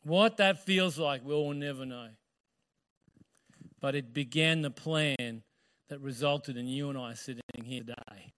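A male pastor preaching a sermon, retelling a story with animated questions to the congregation. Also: mid-range voice, a little slow.

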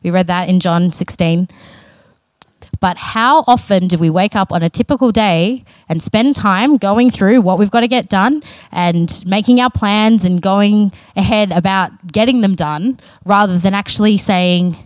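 A woman's voice: mid-range voice, unhurried, no echo. Earnest, conversational woman preaching. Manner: earnest and conversational, with self-aware asides. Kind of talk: sermon.

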